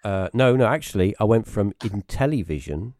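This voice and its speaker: A man with a British accent, a guest telling rambling personal stories casually, restarting often and jumping into high voices when he quotes people. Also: lively intonation, normal speed, darkish tone, no echo, studio quality. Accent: British English. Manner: rambling anecdotal storytelling with many restarts; acts out quoted voices with sudden high pitch. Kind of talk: casual storytelling on a live stream.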